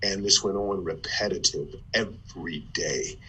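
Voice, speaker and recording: A man from Ohio, a former football player turned motivational speaker, telling his life story in an animated way with stammered restarts. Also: sits low, measured pace, slightly rough, rough recording. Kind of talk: conversational storytelling.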